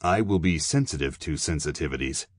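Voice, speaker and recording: A man's voice: rumbling low, lively intonation, a little fast, dry recording. A man narrating an audiobook, voicing a police inspector who speaks with dry, understated irony.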